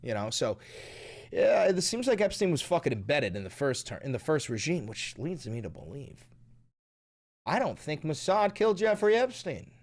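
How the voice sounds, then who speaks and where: A man giving casual, profane political commentary, swinging from sarcastic muttering to excited outbursts. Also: a little high, normal speed.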